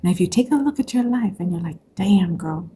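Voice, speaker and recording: A woman's voice: a little high, expressive, fast, warm tone, slightly rough. A woman hosting a spiritual talk, speaking earnestly and preachily to her listeners, calling them y'all. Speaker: spiritual podcast host.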